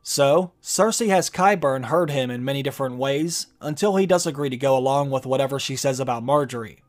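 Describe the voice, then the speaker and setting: Guy narrating a fan video essay, mid voice, steady and explaining. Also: mid-range voice, a little fast.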